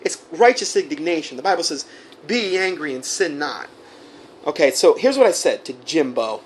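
A man's voice: fairly high pitch, very animated, normal speed. A man preaching fiery commentary, reading a letter aloud and then rebutting it with indignation. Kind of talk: sermon-style commentary read from a recording.

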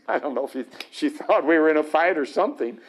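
A man's voice: a little high, a little fast. A man telling a story animatedly as a guest on a Christian talk show. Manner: animated anecdote, acts out the voices. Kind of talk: storytelling testimony.

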